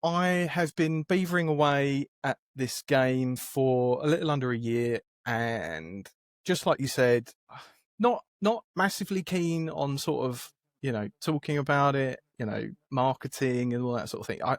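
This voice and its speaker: A man's voice: mid-range voice, normal speed, dry recording. A man, a game developer guest talking in a casual podcast interview, hesitant and self-deprecating with lots of fillers.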